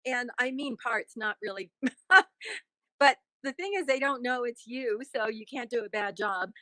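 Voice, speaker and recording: A woman's voice: a little high, a little slow, sharp tone, no echo. A middle-aged woman, an actress being interviewed, chatting casually and laughing often. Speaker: actress and guest.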